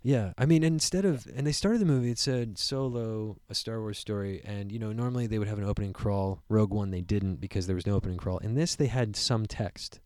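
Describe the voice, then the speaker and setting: A man co-hosting a casual movie review chat, animated and swearing freely while he acts out characters' lines. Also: lowish voice, brisk, few pauses, no room sound. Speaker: podcast co-host.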